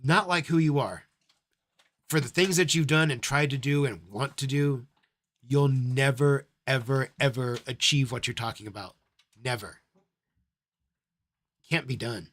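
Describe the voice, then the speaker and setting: A man's voice: on the high side, moderate pace, a bit bright. Male stream host, blunt and profane, scolding commentary. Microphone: desk microphone.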